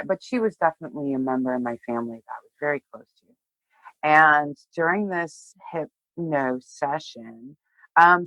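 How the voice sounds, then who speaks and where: A woman guest on a podcast, sharing a personal story in a heartfelt, emotional way, often halting and restarting. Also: fairly low pitch, fairly bright tone, no room sound, rough recording. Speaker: tarot reader, guest.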